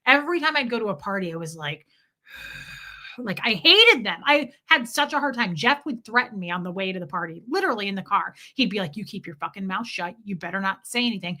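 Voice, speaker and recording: A woman casually telling her own story to a live chat, swearing and quoting others as she goes. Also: medium pitch. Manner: profane, animated, quotes others in dialogue.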